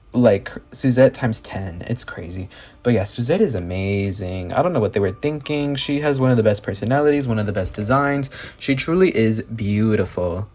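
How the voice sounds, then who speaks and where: A man talking in a casual vlog, gushing and excitable, full of filler words and casual swearing. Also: mid-range voice. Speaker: doll collector and reviewer.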